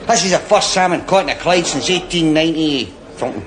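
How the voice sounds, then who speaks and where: An actor playing an excitable, boastful Glasgow pub regular with a Glaswegian accent. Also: male voice, on the high side, fast, crowd noise, natural voice. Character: wide-eyed, boastful Glasgow pub regular, adult man. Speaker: pub pal. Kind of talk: 1990s sitcom acting.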